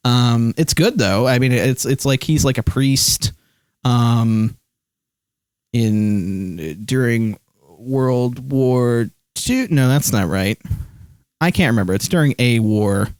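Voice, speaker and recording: A man talking at a middle pitch on a live stream, with a dry, close sound that has no room in it. He rambles about films in a relaxed way, stopping often for ums and uhs, and reads viewers' comments aloud as he goes. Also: slow, no echo. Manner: rambling, many fillers, reads chat aloud. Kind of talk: casual live-stream chat.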